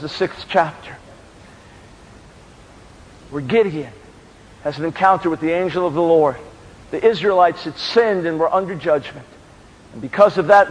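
High-voiced man preaching in a reverberant hall. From New York. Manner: impassioned, building to shouted rhetorical questions. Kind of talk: sermon.

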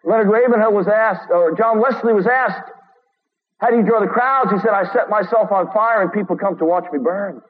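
A man with a very high voice preaches an earnest, urgent sermon. He reads quotes aloud and slips in sarcastic asides. The sound is a thin, phone-like radio broadcast with long hall reverb. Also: normal speed.

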